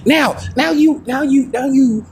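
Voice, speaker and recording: A woman's voice: high-pitched, a little slow, a little mellow, a little hiss or hum. A woman doing an improvised comedy rant as a head of state, indignant and lecturing, rambling with many stammered restarts.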